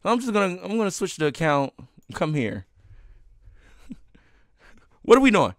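A man's voice: sits high, big pitch swings, normal speed, dry recording, studio quality. Heated man ranting on a live stream. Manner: heated, swearing, laughing between lines.

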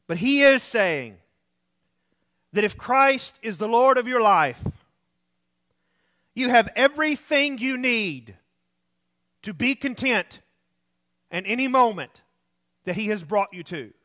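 Bright-voiced preaching man, slow and high. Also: animated. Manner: storytelling, dropping to soft tones for emphasis. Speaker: pastor. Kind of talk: sermon. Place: church.

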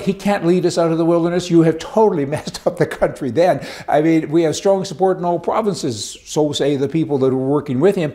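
A man's voice: on the high side, dark tone. A middle-aged Canadian man delivering an indignant, rambling opinion monologue as a commentary host, stumbling and repeating himself.

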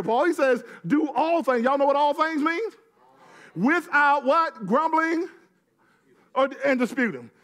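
A male pastor with a strikingly high voice delivers a sermon. He keeps prodding his congregation with quick tags and answers, and breaks the flow with joking asides. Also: a bit bright. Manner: punctuates with call-and-response tags to the congregation.

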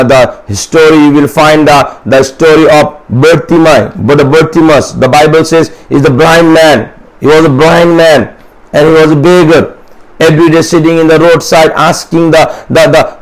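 A man preaches a sermon in English. He repeats his phrases and builds in fervor, and his voice sits a little high for a man. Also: rough recording. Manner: fervent, repetitive preaching with rising intensity. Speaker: pastor.

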